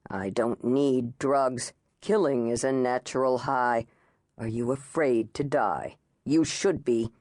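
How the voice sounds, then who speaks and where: A woman narrator voicing a cruel male intruder, speaking low and slowly with gloating menace. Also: darkish tone, dry recording, clean studio sound, heavily acted. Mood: menacing.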